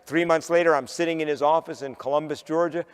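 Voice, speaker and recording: A male keynote speaker with a fairly high, smooth, clear voice tells a story from a conference stage. He is from the northern United States and drives his points home with punchy rhetorical questions. The sound carries a long hall reverb. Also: steady tone, fast.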